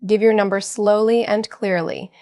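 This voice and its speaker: Clear, dry-voiced woman teaching English. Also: mid-range voice, fairly even intonation, darkish tone, dry recording. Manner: slow, clear, evenly paced delivery. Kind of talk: scripted teaching narration.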